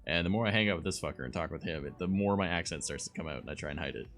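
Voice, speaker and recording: Deep-voiced Canadian man, laid-back. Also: rapid-fire, a bit bright. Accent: Northern Ontario Canadian. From Southern Ontario, Canada. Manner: laid-back, swears freely, trailing fillers. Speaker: streamer. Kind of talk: casual stream chat.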